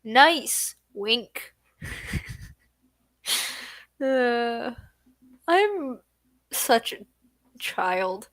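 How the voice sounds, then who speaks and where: A woman's voice: on the high side, vocal fry, fairly bright tone, no echo. A tired young woman chatting casually on a late-night livestream at home, yawning and drowsy. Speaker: streamer.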